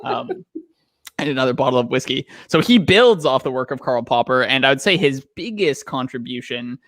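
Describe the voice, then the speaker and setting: A man's voice: medium pitch, lively intonation, normal speed, a bit bright. A man guest on a casual podcast, joking and giggling as he talks. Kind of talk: casual chat.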